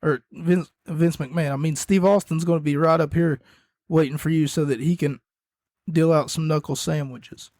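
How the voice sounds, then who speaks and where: A man's voice: on the high side, steady tone, normal speed, darkish tone, dry recording. Rambling man recapping wrestling, dry close mic. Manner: rambling, self-correcting, coughs between points. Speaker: podcast host.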